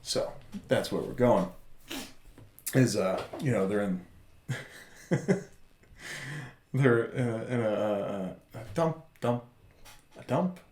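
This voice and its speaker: A man's voice: fairly low pitch, takes it slowly, long pauses, a little mellow, a little hiss or hum. Laughing man recapping a show. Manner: loose, laughing, full of fillers. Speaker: podcast co-host. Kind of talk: casual chat recapping a TV show. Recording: roomy echo.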